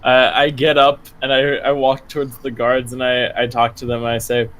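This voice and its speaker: A man's voice: mid-range voice, little pitch movement, a bit bright, poor audio. A man playing in a tabletop game, speaking casually and hesitantly. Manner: slow, hesitant. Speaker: player.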